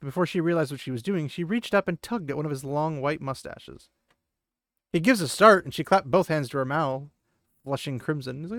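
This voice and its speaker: Male host, chatty retelling with asides, a touch high-pitched, dry recording. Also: fairly quick, fairly bright tone, no echo. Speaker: podcast host. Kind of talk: casual chapter retelling.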